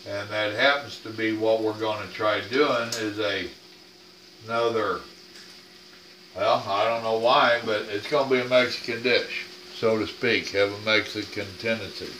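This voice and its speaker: A man's voice: on the low side, steady tone, unhurried, bright, forceful tone, a little hiss or hum. An older man hosting a home cooking vlog, chatting in a rambling, folksy, plain-spoken way. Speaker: cooking channel host. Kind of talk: casual cooking vlog chat. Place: home kitchen. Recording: roomy kitchen sound, camera off at a distance.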